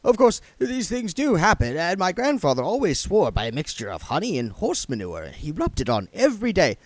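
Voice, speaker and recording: A man's voice: sits high, wildly swooping pitch, takes it slowly, slight background noise, voice pushed up, exaggerated voice. A man reading aloud and voicing a nervous wizard bursar who stammers and repeats himself in a panic. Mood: jittery. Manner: stuttering, panicky.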